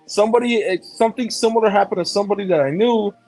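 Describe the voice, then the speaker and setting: A man in casual chat, telling a personal story in an animated, profane way. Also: high voice, fast, no echo, low-quality recording.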